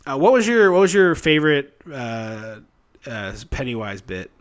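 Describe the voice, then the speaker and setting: Male podcast co-host, casual film talk, enthusiastic, mid-pitched everyday voice. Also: sing-song, normal speed. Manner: chatty, enthusiastic, many fillers and restarts. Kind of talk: casual chat, film review.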